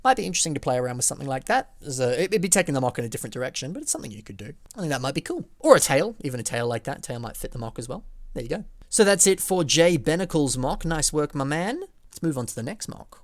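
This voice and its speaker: A man's voice: on the high side, animated, quick pace, no echo, studio quality. A young man hosting a casual video show, giving rambling, filler-heavy feedback on fans' building projects. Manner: chatty and rambling, full of fillers. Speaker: host reviewing fan building projects.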